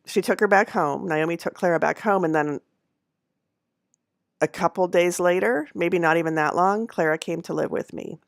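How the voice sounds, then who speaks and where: A woman's voice: deep voice, no room sound, clean studio sound. A woman who knits by hand, casually telling a personal story in a rambling way, with fillers, self-corrections and frequent laughter. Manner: amused, laughs often. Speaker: handknitter.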